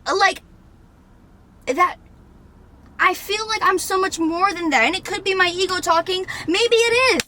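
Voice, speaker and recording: A woman in her twenties ranting unscripted to her camera, fired up and swearing, sometimes shouting. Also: very high-pitched, a little slow, long pauses. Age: 20s. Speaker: vlogger. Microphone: camera mic.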